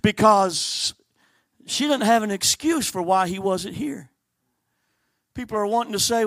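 A man's voice: sits high, unhurried, vocal fry, long pauses, fairly bright tone, no echo. A man preaching a sermon, telling the story with animation and acting out the characters.

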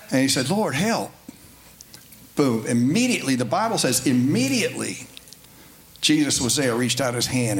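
A man preaching a folksy, conversational sermon in a church, building to emphatic high points. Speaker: lay preacher. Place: church sanctuary. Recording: faint background noise.

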